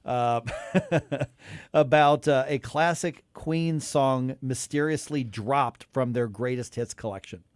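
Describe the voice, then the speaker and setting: A man's voice: mid-range voice, slow, clear, resonant tone, dry recording, studio quality. A man hosting a morning talk radio show, chatting casually and chuckling as he tells a story.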